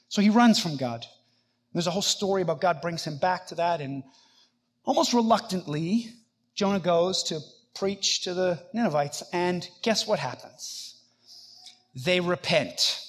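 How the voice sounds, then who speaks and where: A man's voice: sits high, expressive, normal speed. A man preaching a sermon, earnest and conversational, acting out scripture passages with feeling. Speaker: pastor.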